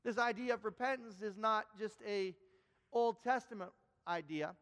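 Male preacher with a high voice, earnest sermon delivery that doubles back on words, recorded with a long hall echo. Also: moderate pace, fairly bright tone. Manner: earnest, repeats words as he builds each point.

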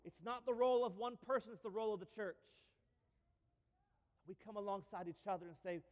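A male pastor giving a sermon in a church, telling stories with lively humor and repeated phrases. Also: high-pitched, brisk, pauses often, in a large hall. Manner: animated storytelling with repeats and humor.

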